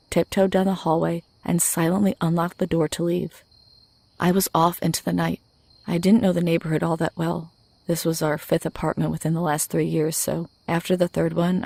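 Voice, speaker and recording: A woman narrating a true horror story in a steady, scripted storytelling voice. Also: deep voice, vocal fry, no room sound.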